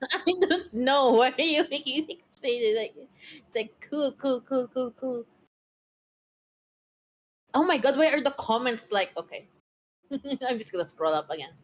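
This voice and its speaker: A woman's voice: sits high, expressive, moderate pace. A young woman chatting casually on a live stream, rambling and laughing often, with a strained throat. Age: young adult.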